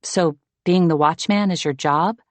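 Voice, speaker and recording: A woman's voice: on the low side, unhurried, dry recording, close to an everyday voice. Woman reading a curious, plain-spoken heroine.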